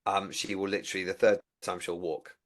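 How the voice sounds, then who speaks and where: A man's voice: deep voice, a little fast. A man chatting casually about training agility dogs, acting out what he says to them as he tells it. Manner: animated storytelling, acts out what he says to his dogs. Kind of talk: casual chat.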